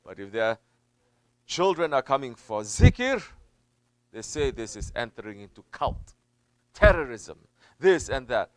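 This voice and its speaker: A man, a Sufi teacher, preaching a sermon in an emphatic way. He drops to low murmurs, then builds to loud, stressed peaks, and he repeats phrases for weight. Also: big pitch swings, measured pace, long pauses, dry recording. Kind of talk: sermon answering a question.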